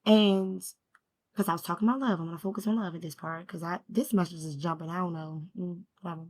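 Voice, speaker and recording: A woman's voice: lowish voice, steady tone, quick pace, darkish tone. Heartfelt woman musing aloud, asking "right?". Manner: heartfelt, repeats "right?", asks herself questions. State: emotional, near tears at times. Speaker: spiritual vlogger. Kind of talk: reflective personal talk to camera.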